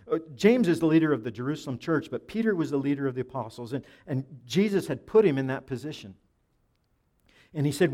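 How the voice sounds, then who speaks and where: A man preaching a Bible sermon, restarting phrases often and dropping softer when he quotes scripture. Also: on the high side. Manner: preaching with frequent repeats and restarts, dropping soft for quoted lines. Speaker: pastor.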